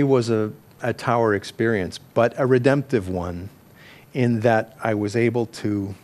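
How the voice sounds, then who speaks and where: A man's voice: mid-range voice, darkish tone. A middle-aged man telling a personal story in a candid, self-deprecating way, often correcting himself and laughing at his own words. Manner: restarts and corrects himself mid-sentence.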